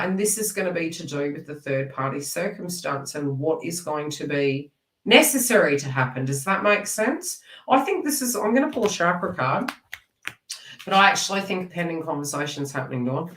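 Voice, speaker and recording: Low-voiced lady doing a card reading, rambly and earnest, calls people by name, echoey room, sounds a bit far from the mic. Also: fairly bright tone, slight background noise. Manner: rambling, earnest, talks straight to viewers by name. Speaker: psychic card reader. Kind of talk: live twin flame card reading.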